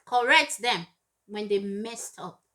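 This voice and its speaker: A woman's voice: medium pitch, slow, pushed and bright. A woman giving parenting advice straight to camera, earnest and emphatic, repeating her points for weight. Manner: acts out scolding parents in raised voices. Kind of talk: direct-to-camera advice talk.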